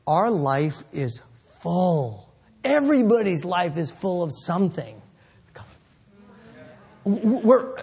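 A man preaching a sermon, reading scripture slowly and then riffing conversationally, with sudden high, incredulous exclamations. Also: very animated, a little mellow, breathy edge. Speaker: pastor.

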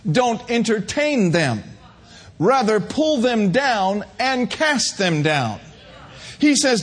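A man's voice: very high-pitched, big pitch swings, takes it slowly, breathy edge. A man preaching a sermon, emphatic and humorous, calling out to his congregation.

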